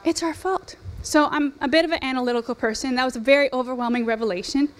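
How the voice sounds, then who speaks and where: A woman's voice: high voice, fairly even intonation, very fast, clear, resonant tone. A woman in her forties giving an earnest, conversational sermon with personal testimony, using fillers and rhetorical questions. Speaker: speaker at a women's ministry event.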